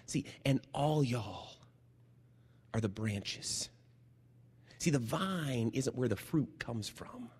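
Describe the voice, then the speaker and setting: A man preaching a sermon as a chaplain, lively and jokey, moving between loud bursts and hushed near-whispers. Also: mid-range voice, slow pace, long pauses, slightly rough. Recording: long hall reverb.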